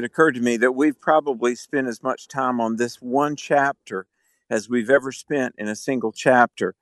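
A man's voice: mid-range voice, normal speed, dry recording. A man co-hosting a Bible teaching radio show, explaining theology in a fervent way and often affirming with amens.

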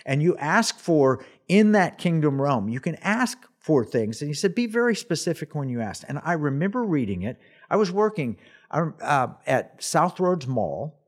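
A man in his sixties hosting a casual talk show, telling animated personal anecdotes. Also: on the high side, a little slow. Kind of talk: casual chat.

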